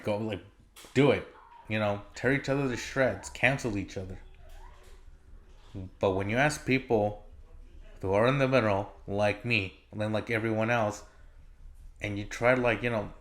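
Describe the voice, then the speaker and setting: A man's voice: lowish voice, a bit bright. A man hosting his own solo podcast, ranting in an exasperated, casual way with lots of swearing and filler words. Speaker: podcast host.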